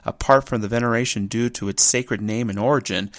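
A man doing a cheerful, earnest young man who pleads with his stubborn uncle, his voice lifted noticeably higher than a plain reading. The recording is close and dry. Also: fairly even intonation, fairly quick, a bit bright, no echo, lightly acted.

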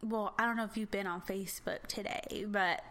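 A woman co-hosting a casual podcast chat, unhurried and giggly, teasing her co-host. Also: mid-range voice, steady tone, bright, forceful tone.

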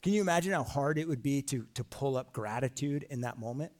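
A male pastor preaching a sermon in a church, casual and animated, full of slang and rhetorical questions. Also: mid-range voice, a little fast. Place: church sanctuary.

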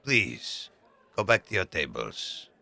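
A man voicing a stern, authoritative court astronomer who speaks in a measured, commanding way. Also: deep voice, big pitch swings, vocal fry, sharp tone, exaggerated voice.

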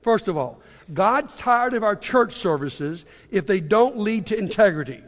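A man's voice: sits high, animated, measured pace. A man preaching a sermon to his congregation, conversational and joking in his asides, in a church auditorium. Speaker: pastor. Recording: long hall reverb.

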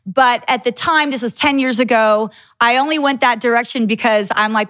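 A woman in her thirties hosting a podcast, telling a candid, animated story in a casual way. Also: fairly high pitch, normal speed, no echo. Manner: animated, candid, swears freely. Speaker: podcast host.

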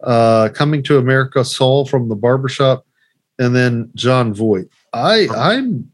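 A man's medium-pitched, steady voice moves at normal speed with no echo as he co-hosts a laid-back movie podcast. Reading out lists, he rambles, leans on fillers, and keeps saying um and starting over.

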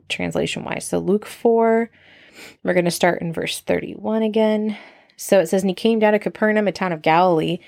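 A woman's voice: lowish voice, vocal fry, dry recording, clean studio sound. Chatty woman teaching Bible study. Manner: reads scripture aloud, then comments with enthusiasm; chatty, frequent "like" and laughs. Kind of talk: casual verse-by-verse Bible study.

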